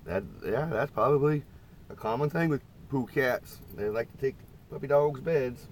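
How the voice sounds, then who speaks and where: A man's voice: mid-range voice, normal speed, a little hiss or hum. A middle-aged man chatting casually and rambling to his viewers on a live stream from inside a parked camper van. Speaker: vlogger.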